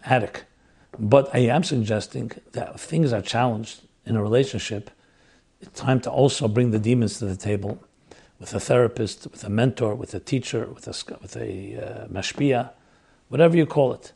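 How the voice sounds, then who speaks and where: A man speaks earnestly about relationships and faith, stacking phrase after phrase as he explains. His voice is husky and wearing thin. He talks at an ordinary middle pitch. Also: darkish tone. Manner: earnest, explains with lists and repetition. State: losing his voice. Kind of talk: religious talk.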